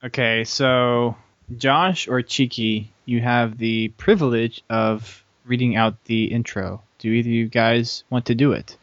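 A man hosting a casual podcast, easygoing and quick to laugh as he steers his guests. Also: medium pitch, steady tone, fairly bright tone, dry recording, dull audio. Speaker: podcast host.

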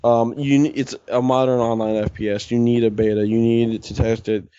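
A man's voice: medium pitch, flat delivery, fairly quick, warm tone, clear, resonant tone, no room sound. A man on a gaming podcast giving strong, emphatic opinions. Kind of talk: casual gaming podcast chat. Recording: dry dull lo-fi audio.

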